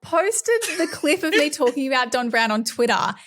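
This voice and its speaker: A woman with an Australian accent co-hosting a political podcast, talking in a sarcastic, sweary, animated way. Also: high voice, normal speed. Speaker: podcast co-host. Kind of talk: casual political chat.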